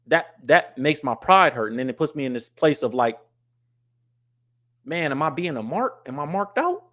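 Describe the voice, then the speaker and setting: A blunt, straight-talking man from the US West Coast hosts a casual live stream. He has a middle-pitched voice and often stops to read viewer comments aloud. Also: fairly bright tone. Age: adult with wife and kids. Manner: blunt and scolding to chat, reads comments aloud. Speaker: livestream host.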